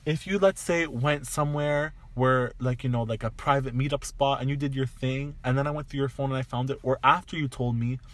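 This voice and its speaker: A man's voice: medium pitch, fairly even intonation, brisk, hardly any pauses. A man from Toronto, co-hosting a casual chat, blunt and emphatic, swearing freely and getting heated. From Toronto, Canada. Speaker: podcast co-host.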